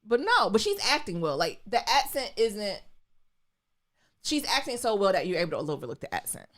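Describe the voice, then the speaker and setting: A woman co-hosting a podcast, chatting casually in an animated, candid way and swearing freely. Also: medium pitch, normal speed. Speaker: podcast co-host. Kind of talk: casual chat.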